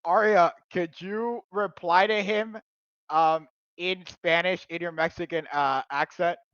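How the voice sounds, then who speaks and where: A man hosting a casual live stream, excitable, laughing loudly and filling pauses with ums. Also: sits high, smooth, no room sound. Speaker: streamer host. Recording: dull lo-fi dry sound.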